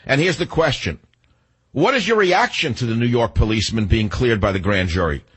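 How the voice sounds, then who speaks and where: An older man hosts a talk radio show, his husky voice pressing every point. He talks in an emphatic, combative monologue, plainly outraged. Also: medium pitch, lively intonation, fairly quick, a bit bright.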